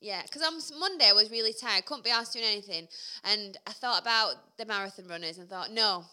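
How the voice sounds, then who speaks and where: A woman's voice: medium pitch, a little fast, clear, resonant tone. A woman co-hosting a podcast, with a bubbly manner, laughing often as she chats. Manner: bubbly, laughs often, shouts encouragement in stories. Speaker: podcast co-host. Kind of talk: casual chat.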